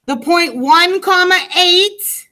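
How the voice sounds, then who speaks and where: A woman's voice: very high voice, takes it slowly, pushed and bright, low-quality recording. A woman teaching a math class in a classroom, explaining step by step and checking in with her students.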